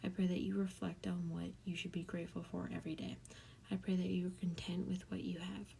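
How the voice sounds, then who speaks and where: A young woman giving an earnest, heartfelt Bible study talk, often speaking softly. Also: fairly low pitch, little pitch movement, brisk, a little hiss or hum. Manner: earnest, emotional, often soft and breathy. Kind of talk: casual devotional talk. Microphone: tablet mic.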